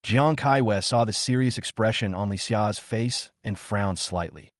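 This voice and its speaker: A man narrating a dramatic story recap in an expressive way. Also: fairly low pitch, a little slow, dry recording, clean studio sound.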